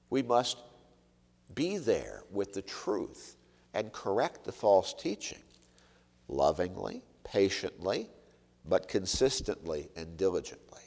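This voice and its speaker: A man preaching a sermon with emphatic delivery, rising and falling and slowing on key words. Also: mid-range voice. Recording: long reverb of a large hall.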